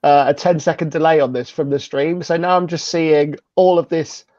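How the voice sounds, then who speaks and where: A man's voice: fairly high pitch, fairly even intonation, normal speed, a little mellow, dry recording, highs cut off. A man on a comedy panel, chatting in a dry, sardonic way. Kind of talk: casual comedy chat.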